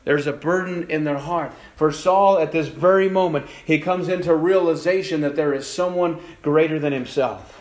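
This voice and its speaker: A male pastor preaching a sermon in a church, swinging between hushed and raised passages and slowing down for emphasis. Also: a little high. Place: church sanctuary. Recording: echoey church room.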